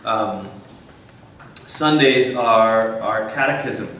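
A man's voice: fairly low pitch, very slow, a bit bright, a little hiss or hum. A man giving a church conference talk to a room, conversational and wry, often breaking off for asides. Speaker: conference speaker. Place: large room. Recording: echoey room, mic at a distance.

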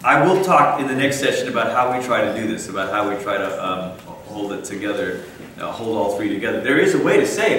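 A man's voice: fairly low pitch, very animated, fairly quick, hardly any pauses, fairly bright tone, a little hiss or hum. Conversational man in a roomy hall. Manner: conversational, self-interrupting, wry asides. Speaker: conference speaker. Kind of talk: church conference talk. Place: large room. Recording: echoey room, mic at a distance.

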